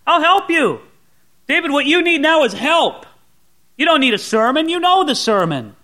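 High, bright-voiced male preacher. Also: big pitch swings, normal speed. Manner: dramatic, voices the Bible characters with rising intensity. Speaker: pastor. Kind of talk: expository sermon.

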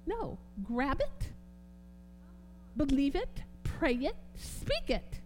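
Fervent high-voiced woman preaching. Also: big pitch swings, slow pace, faint music behind, rough recording. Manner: fervent, swings from quiet to loud exclamations. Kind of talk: sermon.

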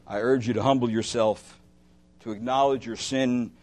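A man preaching a sermon as pastor, impassioned, moving between loud emphatic lines and hushed ones, asking his listeners direct questions. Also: mid-range voice, fairly even intonation, moderate pace.

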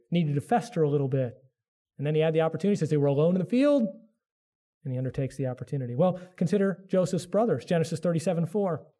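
A man's voice: a little high, mellow. A middle-aged man preaching a sermon as pastor, earnest, sometimes acting out the voices of biblical figures.

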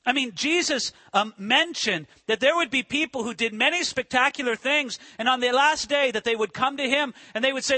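A man's voice: very high voice, fairly quick, few pauses, pushed and bright, no echo. A man preaching a sermon as a pastor, earnest and full of rhetorical questions.

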